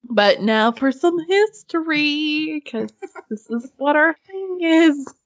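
Chatty woman host, slightly high voice, giggles often, dull lo-fi audio. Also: animated, slow. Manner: chatty and giggly, swears casually. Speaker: podcast host. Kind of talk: casual chat.

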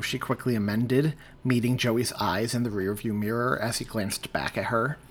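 A man's voice: fairly low pitch, moderate pace, hardly any pauses, husky. A man, the author, reading his own story aloud as audiobook narration. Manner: expressive reading.

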